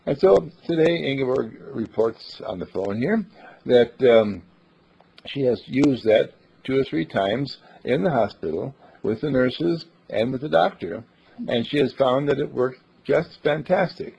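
An older man delivers a homespun sermon built from everyday stories, earnest and plainspoken with small hesitations. His voice is husky and gravelly. The recording has a dull, lo-fi sound. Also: mid-range voice, animated, unhurried, dark tone. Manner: folksy and earnest, hesitant with uhs, acts out quoted voices.

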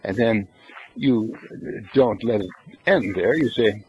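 A man's voice: fairly low pitch, takes it slowly, pauses often, darkish tone, a little hiss or hum, rough recording. A man giving an inspirational spiritual talk, who asks rhetorical questions and answers them himself. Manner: acts out little scenes in everyday voices. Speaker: spiritual lecturer.

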